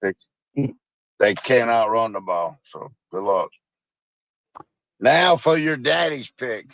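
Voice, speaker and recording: A man's voice: mid-range voice, lively intonation, slow pace, a bit bright, dry recording, poor audio. A man on a sports radio panel, laid-back with brief remarks. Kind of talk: casual sports talk.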